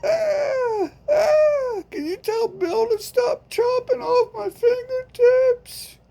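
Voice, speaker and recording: A man's voice: very high voice, fairly even intonation, slow pace, dark tone, slight background noise, voice pushed up, exaggerated voice. Sex: man. Figure: shrieking victim. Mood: shrieking, sobbing. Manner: wailing, sobbing, pleading. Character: shrieking tortured man losing fingertips.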